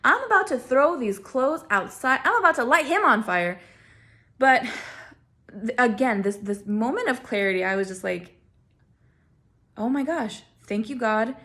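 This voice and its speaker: Woman vlogging about her ex, sassy and animated, fairly high voice, laughs a lot. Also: a little slow, long pauses. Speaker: vlogger telling her own story. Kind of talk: casual storytelling.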